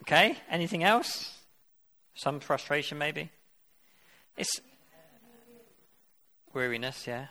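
A man's voice: on the high side, lively intonation, takes it slowly, long pauses, pushed and bright. A man preaching a sermon. He reads scripture aloud and then puts questions directly to his listeners. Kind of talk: interactive sermon.

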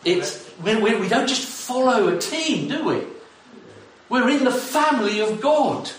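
A man's voice: extremely high pitch, very animated, a little slow, slight background noise. A man preaching a sermon to his congregation, exclamatory and addressing them directly. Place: church hall. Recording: echoey hall from far off.

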